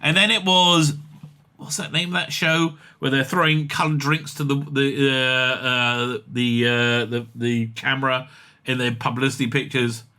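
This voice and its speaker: A man giving casual comic commentary on an interview, excitable and rambling, with many fillers and laughs. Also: medium pitch, unhurried.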